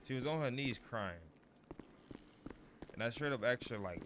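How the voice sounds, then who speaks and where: A man's voice: mid-range voice, lively intonation, normal speed, background noise. A man in his thirties telling a long, rambling story while streaming a game, constantly asking "you feel me". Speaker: gaming streamer. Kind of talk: casual storytelling over gameplay.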